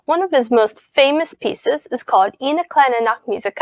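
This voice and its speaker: A woman teacher giving a recorded music lesson and reading a storybook aloud to children in a clear, expressive voice. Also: high-pitched, normal speed, no echo, poor audio.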